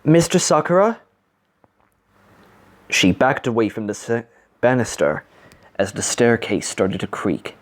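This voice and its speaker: Man reading a story aloud, slow, lowish voice, dry sarcastic commentary. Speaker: reader.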